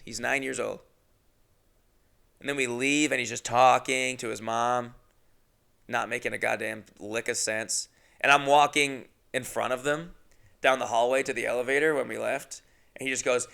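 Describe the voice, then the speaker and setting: A young male comedian spinning a crude, profane story in a brash, offhand way. His voice is bright and forward with a heavy gravelly rasp, at an ordinary male pitch. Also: steady tone, normal speed. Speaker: comedian and podcast host.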